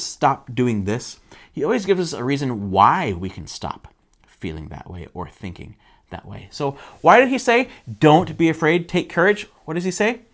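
A man preaching a casual, conversational sermon as a church pastor, acting out the people he quotes. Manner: animated, conversational, acts out quotes with jumps in pitch.

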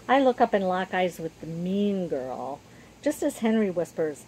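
A woman narrating a children's story in the first person with a gentle, even storytelling manner. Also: mid-range voice, normal speed, a little hiss or hum, poor audio.

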